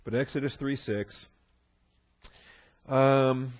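A man's voice: mid-range voice, fairly even intonation, takes it slowly, muffled recording. A man teaching through a Bible passage verse by verse, leaning hard on key words between fillers and restarts.

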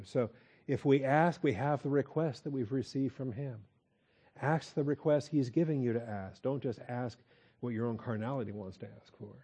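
Mellow-voiced man teaching scripture. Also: medium pitch, breathy edge. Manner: conversational, with frequent "okay?" check-ins and slow emphatic repeats. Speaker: pastor. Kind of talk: verse-by-verse Bible teaching.

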